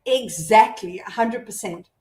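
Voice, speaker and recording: A woman's voice: mid-range voice, measured pace, mellow, roomy sound. A South African woman hosting a casual live stream, chatting and laughing as she reads out viewer comments.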